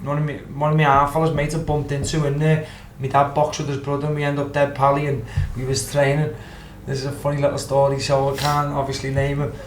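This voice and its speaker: A man's voice: fairly high pitch, flat delivery, fast talker, few pauses, a little hiss or hum. A man, a podcast guest telling a rambling, swearing story. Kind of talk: casual storytelling. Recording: echoey room, faint ambience.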